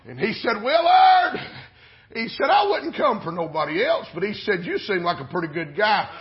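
Man, preacher, folksy storytelling drawl, fervent, high voice, muffled lo-fi recording. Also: very animated, a little fast. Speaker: pastor. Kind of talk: sermon storytelling.

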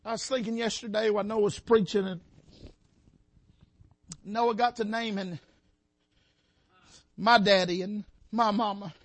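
A man's voice: high-pitched, fairly even intonation, unhurried, long pauses. A man preaching a sermon in a church, impassioned and calling out to the congregation. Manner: impassioned, rising and falling, calls out to the congregation. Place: church sanctuary.

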